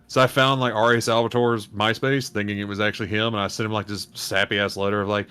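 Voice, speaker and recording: A man's voice: lowish voice, level tone, fast, few pauses, pushed and bright, smooth. A man co-hosting a podcast, chatting casually in a rambling, self-mocking way. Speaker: podcast co-host. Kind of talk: casual chat.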